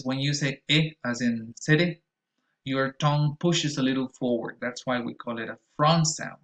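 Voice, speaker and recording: A man's voice: medium pitch, fairly bright tone. Patient man teaching pronunciation. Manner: explanatory, patient, models sounds aloud. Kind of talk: recorded video lecture.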